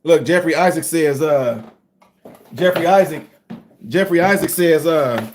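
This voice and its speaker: A middle-aged man hosts a casual livestream and talks straight to his viewers. His voice sits high for a man, and he swings from low, quiet asides to loud, excited outbursts. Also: a little slow, slight background noise. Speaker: livestream host.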